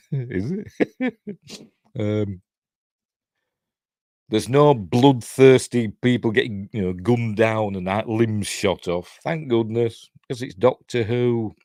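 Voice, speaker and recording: A man's voice: on the low side, slow pace, pauses often, darkish tone, no echo, studio quality. Chuckling, rambling older Yorkshire man. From Yorkshire, England. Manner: rambling and chatty, chuckles often. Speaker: reviewer and channel host. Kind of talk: casual watch-along commentary.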